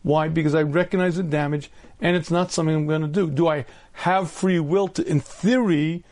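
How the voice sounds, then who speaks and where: A man in his fifties, a rabbi giving a storytelling Torah lecture, often clearing his throat and using humor. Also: on the high side, fairly even intonation, brisk, darkish tone. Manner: humorous, acts out voices in anecdotes.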